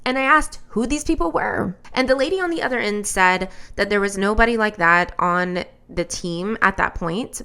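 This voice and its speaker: A woman host telling a personal story as commentary, in an animated, blunt and exasperated way. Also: on the low side, clear, resonant tone.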